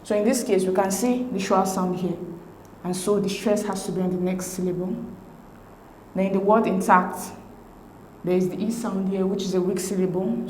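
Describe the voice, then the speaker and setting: A woman explaining exam answers as a tutor, reading each option in a measured, methodical way. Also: medium pitch. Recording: roomy echo with faint hiss.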